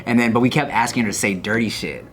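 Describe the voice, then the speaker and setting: A man's voice: medium pitch, fast talker, fairly bright tone, a little hiss or hum. A man telling loose, profane stories as a guest in a casual chat. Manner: loose storytelling with profanity and laughs.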